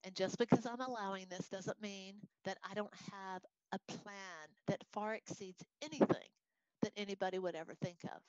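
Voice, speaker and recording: A woman with a Texas accent teaches a Bible study lesson, walking through a worksheet and expressively acting out voices when she quotes. Her voice is medium-pitched at a moderate pace, recorded dry with dull audio.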